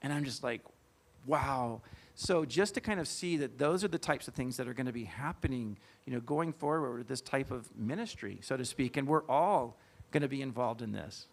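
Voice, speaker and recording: Gravelly middle-aged man telling a story. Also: mid-range voice, animated. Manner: earnest, halting with fillers and restarts. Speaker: guest speaker. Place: church event.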